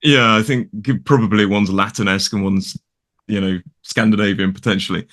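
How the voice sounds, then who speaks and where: A man's voice: fairly low pitch, fairly quick. A man in his thirties with a mild Derbyshire accent, an English teacher chatting casually and at length on a video call. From Derbyshire, England. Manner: chatty, rambling, animated. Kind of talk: casual conversation.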